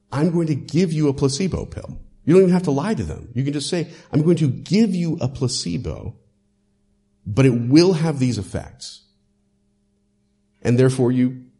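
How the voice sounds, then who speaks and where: A man's voice: mid-range voice, warm tone. A male pastor preaching a sermon, emphatic and conversational, with frequent "uh" fillers.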